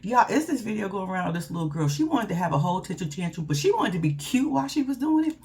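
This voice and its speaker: A woman, giving a casual, loud and profane recap of a reality show and laughing often. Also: mid-range voice, big pitch swings, fast.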